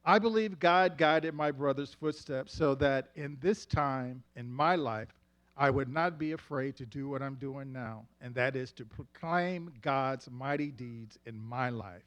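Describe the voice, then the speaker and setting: A man giving a spoken church testimony, measured and heartfelt, speaking slowly and deliberately. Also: mid-range voice, fairly bright tone. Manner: slow, heartfelt, measured delivery.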